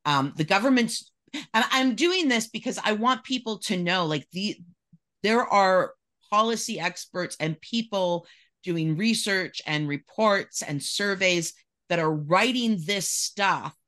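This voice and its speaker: A woman's voice: mid-range voice, expressive, measured pace, fairly bright tone. A woman from Canada, a podcast guest, talking in casual chat with many restarts and reading excerpts aloud.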